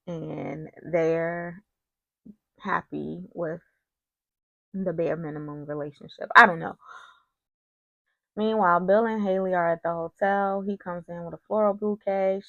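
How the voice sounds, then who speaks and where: A woman's voice: lowish voice, gravelly, no room sound, dull audio. A woman casually recapping a soap opera, chatty and opinionated, with frequent digressions.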